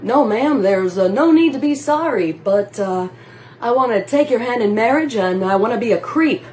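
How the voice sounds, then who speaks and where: A woman's voice: fairly high pitch, lively intonation, moderate pace, a little mellow, a little hiss or hum, lightly acted. A woman voicing a bumbling, lovestruck man with a put-on Southern accent in a comedic one-person movie reenactment. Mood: awkward earnest. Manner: earnest, awkward and rambling.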